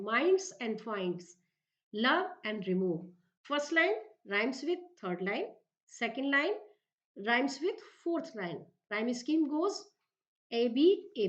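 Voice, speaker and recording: A woman with an Indian English accent giving a slow, repetitive English literature lecture as a professor, often asking if the class is clear. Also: on the high side, fairly bright tone. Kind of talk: recorded lecture. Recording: dull lo-fi recording.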